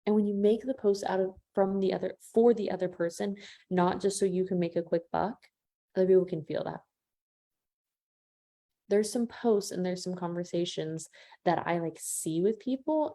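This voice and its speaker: Animated woman coach, mellow voice. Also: medium pitch, normal speed. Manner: animated, acts out quoted voices, addresses listeners as y'all. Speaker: business coach. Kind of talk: live coaching training.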